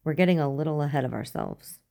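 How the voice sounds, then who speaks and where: A woman reading the lines of a stern male general in a measured, authoritative way. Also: sits low, very animated, creaky, warm tone, exaggerated voice. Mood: grave.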